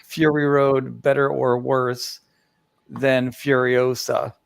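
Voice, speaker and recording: A man in a casual podcast chat, asking questions in a measured way. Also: mid-range voice, flat delivery, gravelly, a crowd in the background.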